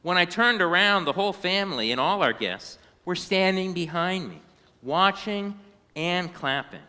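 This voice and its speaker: A man reading a children's storybook aloud in a synagogue, animated and now and then singing short phrases. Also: sits high, clear, resonant tone, long reverb tail. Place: synagogue sanctuary.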